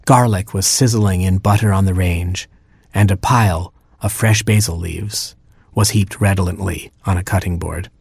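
A man narrating a children's storybook with playful expression. His voice is low and husky, recorded close and dry. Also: darkish tone, no room sound. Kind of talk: storybook reading.

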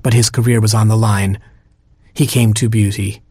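A man's voice: lowish voice, flat delivery, moderate pace, dark tone, slightly rough, no room sound. Wry male storyteller, dry sound. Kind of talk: scripted narration.

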